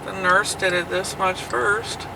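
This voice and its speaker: Man, high pitch, slow drawn-out talk, outraged, swearing, casual chat, inside a car, loud road noise. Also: fairly even intonation, gravelly, far from the mic. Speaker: nursing trainee.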